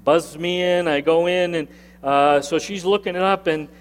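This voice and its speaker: A male pastor preaching a sermon, telling a personal story in an earnest, emphatic way that climbs higher at the key points. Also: fairly even intonation, normal speed. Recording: long reverb of a large hall.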